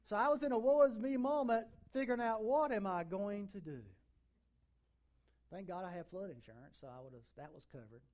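A middle-aged man preaching a sermon as a pastor, emphatic, with sudden swings between loud and soft. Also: high voice, fast, few pauses.

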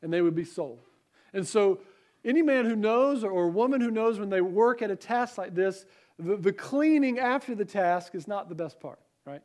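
A man with a Southern American accent delivers a Sunday morning sermon. His voice sits high for a man. He mixes scripture reading with easy asides and rhetorical questions to the congregation. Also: expressive, normal speed, darkish tone. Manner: conversational preaching with rhetorical questions. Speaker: pastor.

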